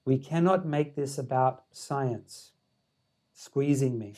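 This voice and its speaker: A man doing a deliberately poor impression of an elderly Tibetan monk leader with a Tibetan accent, gentle but firm, speaking in halting phrases. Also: mid-range voice, natural voice. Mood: earnest.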